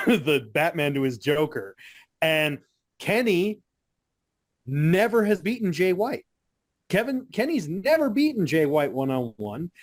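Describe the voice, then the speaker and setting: A man's voice: a little high, no room sound, clean studio sound. A man co-hosting a wrestling podcast, ranting in casual chat with frequent swearing and laughter. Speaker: podcast co-host.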